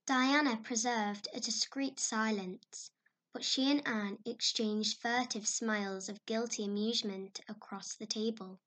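Woman storybook narrator; expressive, animated, a touch high. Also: measured pace.

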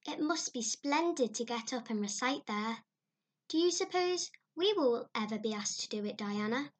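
A woman's voice: on the high side, expressive, moderate pace, breathy edge. A woman voicing an eager, imaginative young girl who speaks in lofty, rapturous tones.

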